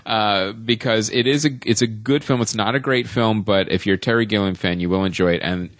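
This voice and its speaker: Low-voiced man rambling through a film review. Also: steady tone, brisk, a bit bright, no echo. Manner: rambling, hesitant, many ums and restarts. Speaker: film podcast co-host. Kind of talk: casual film review chat.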